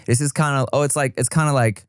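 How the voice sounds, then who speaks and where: A man's voice: medium pitch, steady tone, fast, clean tone, no echo, studio quality. A man co-hosting a casual podcast, joking crudely and laughing often. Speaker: podcast co-host. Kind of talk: casual chat.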